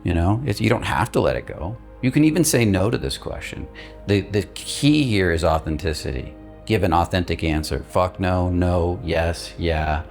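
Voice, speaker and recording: A male coach giving a guided instructional talk, calm and steady, stressing key words by repeating them. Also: sits low, normal speed, vocal fry, soft background music. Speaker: emotional release coach.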